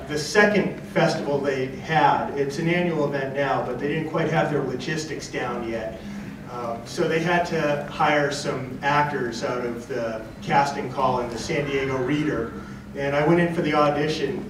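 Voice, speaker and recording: A man telling a chatty personal story at a live story slam in a large convention hall, with many filler words. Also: mid-range voice. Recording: echoey hall from far off, background noise.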